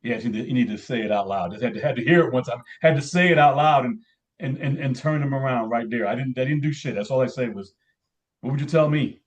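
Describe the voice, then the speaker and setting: A man on a podcast talking haltingly, repeating words and filling pauses with uh while he tells about peer support calls. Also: medium pitch. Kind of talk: casual podcast chat. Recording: muffled, dull-sounding mic.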